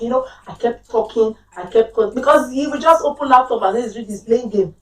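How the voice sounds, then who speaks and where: A woman's voice: fairly high pitch, a little fast, few pauses. A woman in her forties, a talk show guest, telling a personal story with emphasis and acting out what she said. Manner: emphatic, acts out her own quoted lines. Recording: roomy, distant mic.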